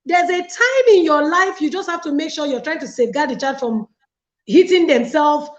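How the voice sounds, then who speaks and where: A woman's voice: high-pitched, lively intonation, moderate pace. A woman pastor, answering a parenting question in a live online session, searching for words with fillers. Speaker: pastor and guest speaker. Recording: roomy dull audio.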